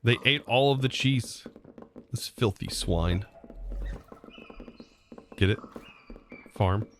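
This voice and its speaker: Playing a modded building game on stream, he talks loosely with his chat, wandering off into musings about words between tasks. He speaks slowly at a medium pitch over slight background noise.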